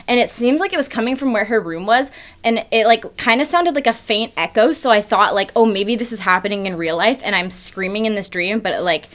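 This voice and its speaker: A young woman tells a story straight to camera, rushing through it at a quick clip. Her voice sits at an ordinary pitch for a woman. She fills every pause with "like" and drops casual curses. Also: a bit bright. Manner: breathless, filler-heavy, peppered with "like" and swearing. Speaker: YouTube vlogger.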